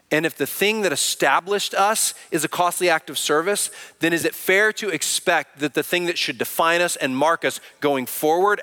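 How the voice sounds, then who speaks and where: A pastor with a bright, fairly high voice gives an earnest, conversational sermon, often pausing to ask his congregation questions. He admits he can sound angry though he isn't, and long hall reverb suggests a large sanctuary.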